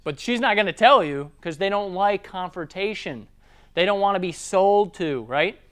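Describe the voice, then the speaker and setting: A Southern man with a high, smooth, resonant voice coaches a room on sales in a loose, casual way. He keeps slipping into quick voices to act out customers. He sounds like a young adult. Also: expressive, a bit bright. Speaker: sales trainer. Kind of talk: seminar talk on sales.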